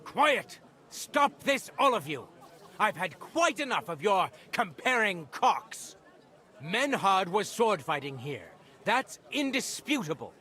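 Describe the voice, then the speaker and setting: A stern medieval judge. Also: male voice, high-pitched, very animated, takes it slowly, bright, forceful tone, heavily acted. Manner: formal, commanding. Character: stern medieval judge, middle-aged man.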